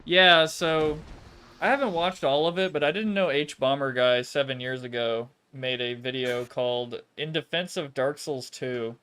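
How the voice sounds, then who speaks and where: A man's voice: medium pitch, fairly even intonation, moderate pace, sharp tone, clear, resonant tone. A man chatting casually on a game stream, hedging and filling his sentences with "like" and "I don't know". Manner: hesitant, full of "like" and "I don't know". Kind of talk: casual chat.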